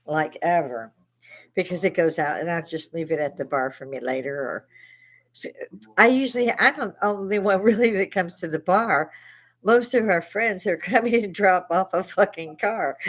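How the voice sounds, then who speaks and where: An older woman, hosting a live stream and casually telling a story, laughing often and swearing freely. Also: fairly low pitch. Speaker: livestream host.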